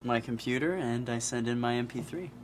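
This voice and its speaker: A man's voice: medium pitch, a little fast. Wry, laid-back man giving a room tour. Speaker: voiceover artist sharing an apartment. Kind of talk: casual apartment tour.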